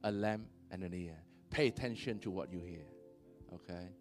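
A male pastor preaching a sermon in church, animated, laughing often and checking in with the congregation. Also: deep voice, moderate pace, soft background music.

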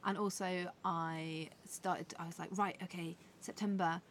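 A woman, chatting casually as a podcast co-host and acting out her own thoughts in quick asides. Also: lowish voice, fairly even intonation, a little hiss or hum. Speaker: podcast co-host, forest school leader. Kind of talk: casual chat.

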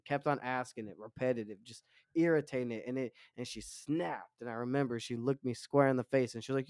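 A young man spins a wild tale as a podcast guest, swearing freely and acting out the voices. His voice is smooth and clear. The sound is close and dry, with no room echo. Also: mid-range voice, fast talker. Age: 20s. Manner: profane, animated storyteller. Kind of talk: casual storytelling.

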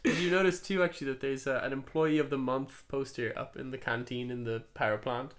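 A man's voice: mid-range voice, a little fast. A man co-hosting a podcast, chiming in casually with favorite lines from a cartoon episode. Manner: lively, chimes in with favorite lines. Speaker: podcast co-host.

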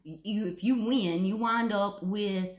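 A woman's voice: mid-range voice, slow pace. A woman, chatting casually and adding joking asides. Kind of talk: casual chat.

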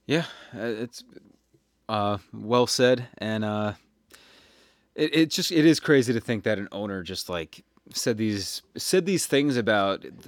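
A man in his thirties co-hosting a sports podcast, telling a story in a halting, wry way with many restarts. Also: lowish voice, lively intonation, no echo, studio quality. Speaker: podcast co-host.

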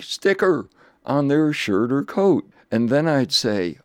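Guy hosting a radio show, deadpan jokey delivery, dry close sound. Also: medium pitch, slow, no echo. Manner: dry, punning humor. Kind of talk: scripted radio program narration.

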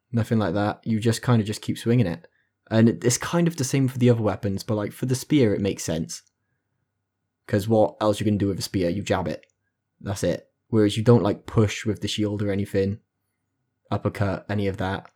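A man's voice: lowish voice, normal speed, warm tone. A man co-hosting a casual gaming podcast, talking with enthusiasm and rambling through long explanations. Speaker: podcast co-host.

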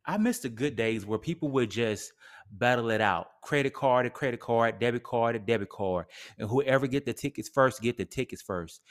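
A podcast host, a man with a mid-range voice, goes on a theatrical solo rant peppered with sarcastic asides. His pace is moderate.

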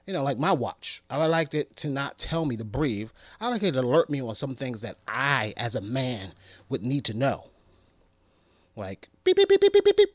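Animated joking podcast host, a man. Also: medium pitch, moderate pace, no echo. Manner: jokey, animated, acts out little scenes. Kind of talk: comedic podcast monologue.

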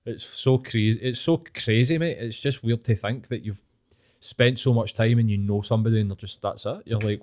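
A man's voice: mid-range voice, normal speed, darkish tone. A Scottish man in his late thirties with a Glaswegian accent, telling frank, swear-filled stories in a casual podcast chat. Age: 30s.

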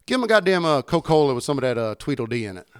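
A man's voice: mid-range voice, big pitch swings, rapid-fire, clear, resonant tone, no echo, studio quality, lightly acted. A man voicing a pushy rural male bar customer who barks drink orders in a drawling voice. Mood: bossy. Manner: drawling, bossy, mispronounces drink names.

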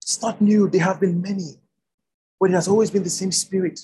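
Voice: medium pitch, fairly even intonation, fairly quick, dark tone, low-quality recording. A preacher giving an online Bible teaching over a video call, repeating key words for emphasis.

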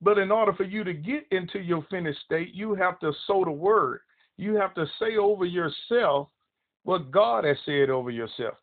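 Preacher, male, emphatic broadcast sermon, slightly raised pitch, tinny phone audio. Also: expressive, moderate pace. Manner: emphatic, repeats phrases and quotes scripture.

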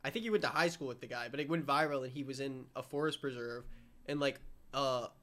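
A man's voice: medium pitch, quick pace, sharp tone. A young man chatting casually with friends, rambling and laughing as he acts out scenes. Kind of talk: casual chat among friends.

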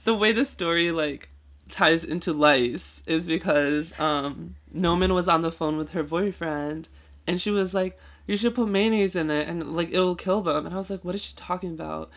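A man's voice: fairly high pitch, normal speed, fairly bright tone. A young man in his twenties co-hosting a podcast, telling a long story in casual chat, filled with "like" and swearing. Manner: rambling, full of "like" fillers and swearing. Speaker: podcast co-host.

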